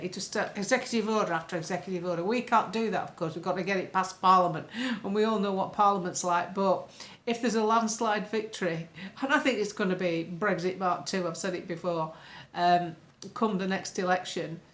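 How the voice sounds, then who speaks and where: A woman's voice: mid-range voice, a bit bright. An older woman from the UK giving a casual, rambling political monologue to her followers, laughing often between points. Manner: chatty, laughing, rambling asides. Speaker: political commentator. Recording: echoey room.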